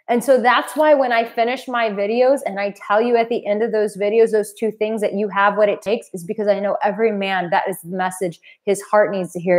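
A woman's voice: mid-range voice, a little mellow. Woman dating coach, 30s to 40s, earnest livestream host, heartfelt delivery. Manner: earnest, heartfelt, emotional at times. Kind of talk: live stream talk to viewers.

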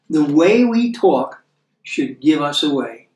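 An American man giving conversational Bible teaching, checking in with listeners through tag questions like "okay?" and slowing down to read scripture aloud. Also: a little high, lively intonation. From United States. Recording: echoey room, voice from a distance.

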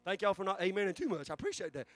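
A man's voice: sits high, very animated, racing, dry recording. A man, preaching a sermon in a church with fervent delivery and frequent restarts. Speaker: pastor. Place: church sanctuary.

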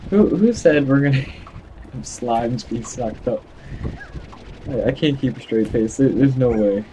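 A man's voice: medium pitch, measured pace, dark tone, slight background noise, low-quality recording. A young man hosting a casual gameplay video, laughing often and stumbling over his words. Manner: giggly, stammering, playful. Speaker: gaming channel host.

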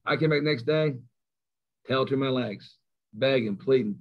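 A man's voice: medium pitch, a little slow, long pauses. Middle-aged kentucky guy, coach telling old stories, laughs a lot, kinda muffled lo-fi sound. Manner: animated storyteller, self-mocking, laughs often. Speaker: high school coach and guest. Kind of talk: casual storytelling interview. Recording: slightly dull lo-fi sound.

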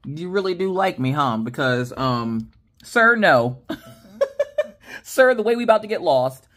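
A woman chats casually to her viewers, spinning a story in a loose, rambling way. She jumps into the voices of the people in it, pitching up for the punchlines, then drops back into easy conversation. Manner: animated, acts out quoted dialogue with lively voice shifts; chatty, with many fillers and restarts. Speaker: craft channel host.

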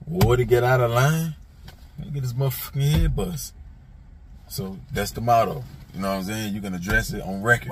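Gravelly low-voiced man giving blunt commentary. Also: slight background noise. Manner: talks straight to the people he discusses, blunt and streetwise; casual slang with chuckles and repeated phrases. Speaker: commentator and host. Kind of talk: casual commentary to camera.

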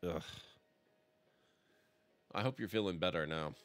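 A man's voice: low voice, unhurried, a bit bright. A man streaming a game and chatting with his viewers in a friendly, chatty way. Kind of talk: live game stream chat. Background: music.

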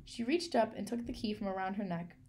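A woman reading a children's novel aloud in a clear, measured storytelling manner. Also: medium pitch, dark tone. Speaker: reader.

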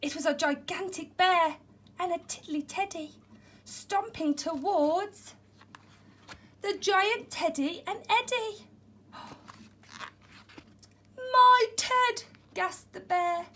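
A nursery teacher, a woman, reading a picture book aloud to young children in a gentle, expressive storytelling voice. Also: very high voice, slow pace, slight background noise.

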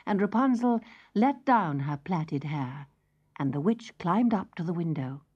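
Woman storyteller, low voice, slow and sing-song with hushed asides; lo-fi cassette, faint music behind. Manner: slow, expressive, sing-song reading with soft whispers. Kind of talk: scripted children's story narration.

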